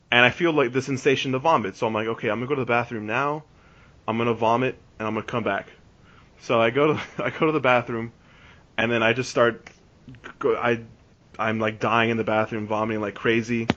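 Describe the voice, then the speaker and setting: A man's voice: mid-range voice, steady tone, fairly quick, fairly bright tone. A man in his twenties telling a long story on a podcast, rambling and restarting, full of "like". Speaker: podcast host. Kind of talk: casual storytelling. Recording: dull lo-fi podcast recording.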